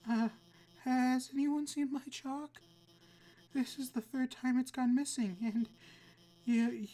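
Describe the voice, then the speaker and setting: Woman doing a nervous stuttery lizard teacher lady, higher voice, lots of uh and um. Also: dark tone. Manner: stammering, hesitant.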